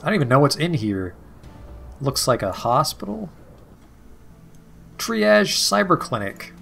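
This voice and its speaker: A man's voice: fairly high pitch, big pitch swings, measured pace, creaky, fairly bright tone, faint music behind. A man hosting a let's play, reading game text and making dry, wry remarks. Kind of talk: casual gaming commentary, reading game text aloud.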